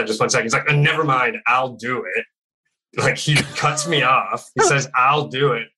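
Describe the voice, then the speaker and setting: A man's voice: lowish voice, bright, forceful tone, poor audio. A man in casual chat telling a long story, rambling with many fillers and swearing freely. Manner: rambling, heavy on "like", swears a lot.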